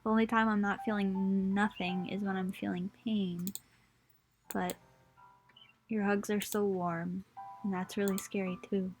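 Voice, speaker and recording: Sad teenage girl, read by a woman, gentle, hurting, soft halting delivery, faint background music. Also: mid-range voice, level tone, close to an everyday voice. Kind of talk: reading game dialogue aloud.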